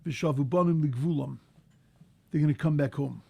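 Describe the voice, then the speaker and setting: Impassioned high-voiced rabbi preaching. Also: male voice, normal speed, creaky, slightly rough, dry recording. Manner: impassioned, builds to loud emphatic peaks; mixes in Hebrew terms and translates them. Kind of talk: sermon.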